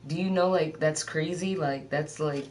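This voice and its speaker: A woman's voice: deep voice, normal speed, darkish tone. A woman in a casual chat who reads out science facts.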